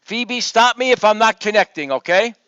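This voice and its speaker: Casting: male lecturer, high voice, loud and teasing, dry dull recording. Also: expressive, normal speed, smooth, dry recording. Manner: joking, coaxing, calls students by name; loud, projects voice to the room. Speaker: engineering professor. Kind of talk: lecture review session.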